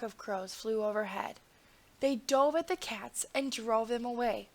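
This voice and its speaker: Female storyteller, slightly high voice, slow and expressive fairy-tale reading. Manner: unhurried, expressive. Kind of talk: storybook narration.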